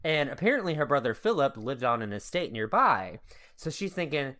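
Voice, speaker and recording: A woman's voice: rumbling low, very animated, a little fast, fairly bright tone. A young adult woman co-hosting a podcast in casual chat, joking, laughing often and swearing. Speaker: podcast co-host.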